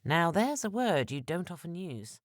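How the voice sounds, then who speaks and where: A man's voice: fairly high pitch, very animated, normal speed, no room sound, studio quality, voice pushed up. A woman doing a cheeky pirate captain. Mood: wry.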